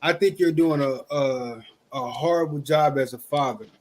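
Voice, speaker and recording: A father co-hosting a casual group discussion, speaking haltingly with frequent restarts. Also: on the high side, a little mellow. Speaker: podcast co-host.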